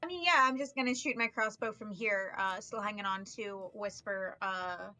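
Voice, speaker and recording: Woman player, bright and crisp, casual dice-counting chatter. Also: medium pitch, normal speed. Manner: casual, thinks aloud while counting dice. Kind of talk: tabletop game play.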